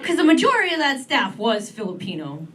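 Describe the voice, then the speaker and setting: An animated woman in her thirties performs a stand-up comedy set. Her voice sits fairly high. She is heard from a distant mic over a comedy club crowd laughing. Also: brisk. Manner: animated, switches between voices.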